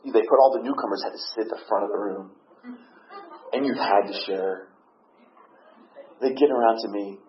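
A man's voice: on the low side, moderate pace, pauses often, lo-fi sound. A man giving a personal testimony about recovery, telling his story and acting out quoted voices. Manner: storytelling, acts out quotes in raised voice. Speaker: recovery speaker.

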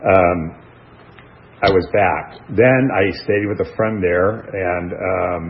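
A man's voice: deep voice, slow, gravelly. A middle-aged American man candidly telling his own recovery story in a rambling, self-deprecating way, with restarts and asides. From United States. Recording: dull lo-fi radio sound.

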